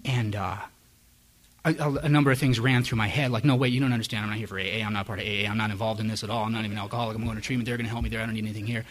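A middle-aged man with a fairly low, steady voice speaks very fast. He is candidly relating his own recovery to a live audience as personal testimony, frank and self-mocking throughout.

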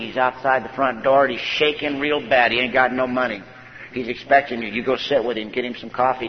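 A man with a medium-pitched voice shares his own recovery story at a conference, folksy in style and often acting out quoted dialogue from people he met. The hall recording sounds dull and echoey, with slight background noise.

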